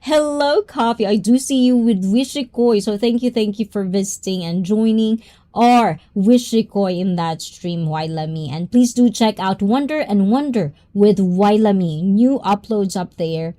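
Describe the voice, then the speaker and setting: A woman's voice: mid-range voice, measured pace, mellow. A young woman, hosting a casual livestream chat in a bubbly, giggly way. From Japan and the Philippines. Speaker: livestream host.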